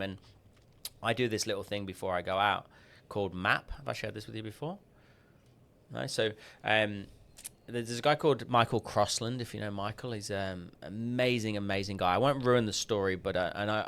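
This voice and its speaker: An Australian man as a podcast guest, telling stories and acting out quoted dialogue with lively jumps in pitch. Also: brisk, smooth. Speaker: guest, sales coach. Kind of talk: podcast interview storytelling.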